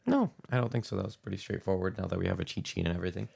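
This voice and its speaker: A man's voice: low voice, racing, vocal fry, darkish tone, husky. A man guesting on a hobby podcast, giving easygoing, brief replies in casual chat.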